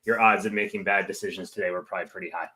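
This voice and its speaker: Low-voiced man, rambling chat. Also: steady tone, very fast, bright, forceful tone. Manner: rambling, full of "like" fillers. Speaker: co-host. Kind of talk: casual chat.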